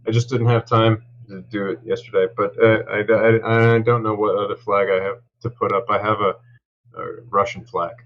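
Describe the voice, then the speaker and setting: A man guesting on a livestream, chatting casually in a halting, agreeable way. His voice sits low and comes through a cheap microphone that muffles it. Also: level tone. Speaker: guest on a stream. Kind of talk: casual stream chat. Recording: dull lo-fi microphone.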